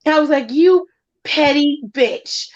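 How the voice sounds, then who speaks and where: High-voiced woman telling a heated story. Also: takes it slowly, no echo, highs cut off. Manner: animated storytelling, acts out quotes, swears freely. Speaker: podcast host. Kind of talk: casual chat.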